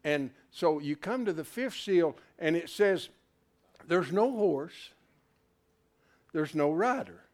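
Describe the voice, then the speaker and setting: A man's voice: a little high, lively intonation, slow, long pauses. A man teaching scripture to a class in a folksy, interactive sermon style, asking questions and joking along the way. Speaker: Bible study teacher.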